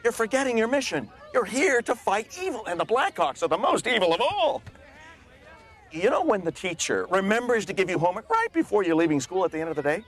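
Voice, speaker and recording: A fired-up sitcom dad coach. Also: male voice, high voice, big pitch swings, fairly quick, a bit bright, exaggerated voice. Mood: rousing. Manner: rousing, theatrical pep talk. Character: eager middle-aged dad coaching a kids' soccer team.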